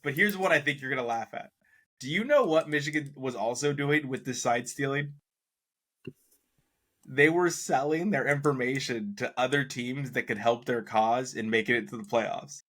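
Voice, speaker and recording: A man co-hosts a casual sports podcast and argues his side in a skeptical, teasing way. His voice is bright and forceful, and he laughs often between points. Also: mid-range voice, normal speed. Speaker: podcast co-host.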